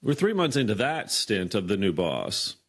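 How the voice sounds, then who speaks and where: Man in his fifties, low voice, podcast guest, animated storytelling, acts out dialogue. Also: normal speed. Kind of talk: storytelling in an interview.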